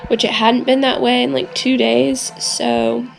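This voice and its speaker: Gravelly-voiced young woman rambling to camera. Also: on the high side, little pitch movement, unhurried, soft background music. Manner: rambling, full of "like" and "um" fillers. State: recovering from illness, tires easily. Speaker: vlogger. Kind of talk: casual video diary. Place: her bedroom at home. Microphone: camera filming herself.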